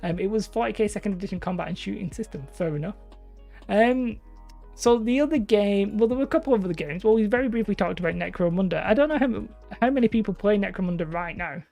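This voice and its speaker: A woman's voice: medium pitch, expressive, quick pace, creaky, warm tone, soft background music. A woman hosting a live stream, chatting casually and rambling as she reads out viewers' comments. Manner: rambling, chatty, self-deprecating.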